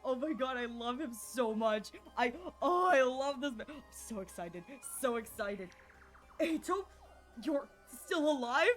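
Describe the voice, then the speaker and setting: A woman streamer giving excited live gameplay commentary, gushing and gasping at the screen. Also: a little high, faint music behind. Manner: giddy, gushing, fast reactions and gasps.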